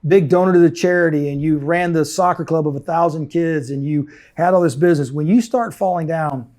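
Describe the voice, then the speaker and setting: A man's voice: a little high, a little fast, a little mellow. A middle-aged man from the United States, an entrepreneur telling his story intensely in an interview and acting out the people he quotes. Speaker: guest entrepreneur.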